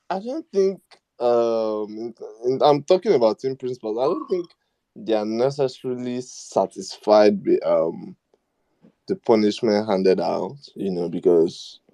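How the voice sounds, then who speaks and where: A man giving firm opinions in a casual chat, pausing often with ums. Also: fairly low pitch, dark tone, no room sound, poor audio. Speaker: panelist.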